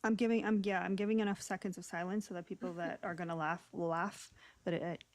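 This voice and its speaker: A woman's voice: lowish voice, steady tone, fast talker, no room sound. Matter-of-fact woman, dry close sound. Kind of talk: casual debate chat.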